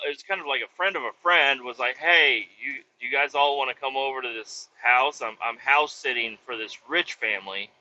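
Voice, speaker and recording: Man, podcast host, lively storyteller with a bright, sharp tone, cursing freely, muffled lo-fi sound. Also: mid-range voice. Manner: animated, swearing, acts out quoted voices. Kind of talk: casual storytelling.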